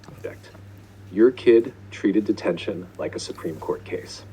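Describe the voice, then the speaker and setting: A man with a very deep, low voice reads out furious letters to parents. He is deadpan, exasperated and profane. There is a faint hum of ambience behind him. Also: unhurried, low-quality recording. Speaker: school principal character writing to parents. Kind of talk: comedic deadpan email narration.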